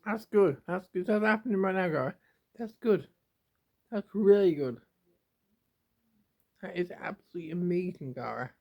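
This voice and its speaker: A young male vlogger gives a tearful, meandering confessional to his camera, tripping over his words and saying things again and again. He has a high, gravelly voice with lively intonation, normal speed, and long pauses, and the recording is dull lo-fi home video.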